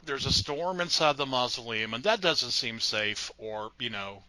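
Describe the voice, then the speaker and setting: A man's voice: medium pitch, lively intonation, moderate pace, pushed and bright, no echo, low-quality recording. A man co-hosting a podcast, recapping a horror movie in casual, sarcastic chat and swearing freely. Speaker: podcast co-host.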